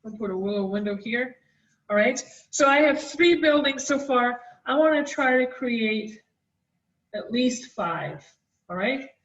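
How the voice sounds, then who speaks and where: A gentle woman art teacher walks young children through a drawing, speaking slowly and encouragingly in a slightly high voice. She sits back from the microphone, and the dull, roomy recording carries an echo. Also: lively intonation, recorded from a distance.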